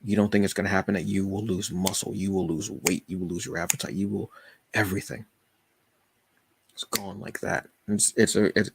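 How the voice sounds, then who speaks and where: A man hosting his own podcast, telling a personal story in a halting, emotional way with many fillers and restarts. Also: fairly low pitch, gravelly, slight background noise. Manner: emotional, confessional. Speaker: podcast host.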